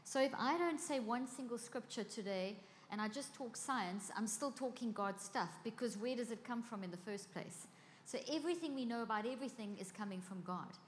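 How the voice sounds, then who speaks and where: A cognitive neuroscientist gives a bubbly, enthusiastic talk on stage, her fairly high voice moving at normal speed. She is in a large conference hall with an audience, where long reverb and faint crowd noise fill the recording.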